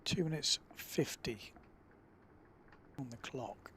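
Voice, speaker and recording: A man commentating live on a windsurfing event in a relaxed, chatty way, often filling pauses with "uh". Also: medium pitch, a little hiss or hum.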